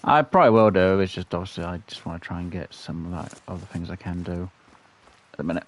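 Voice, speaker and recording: A man's voice: low-pitched, fairly even intonation, fast, a little hiss or hum. A man commentating his hunting game, muttering to himself and getting frustrated. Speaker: gaming youtuber.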